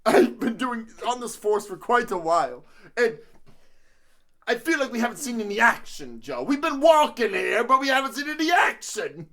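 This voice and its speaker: A man doing a brash, swaggering cop with a put-on New Jersey accent, loud and raised in pitch. He barks his lines with big, lively swings in tone. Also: moderate pace, heavily acted.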